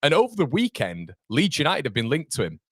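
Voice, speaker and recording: In a dry, studio-quality recording, a young man with a slightly high voice talks briskly, his pitch swinging wildly. He hosts a live football fan stream, rambling and chatting as he reads viewer comments, a little fuzzy from a mild concussion.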